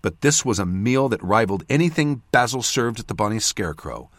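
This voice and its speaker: A man narrating a fantasy audiobook in the first person with expressive storytelling. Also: medium pitch, dry recording, studio quality.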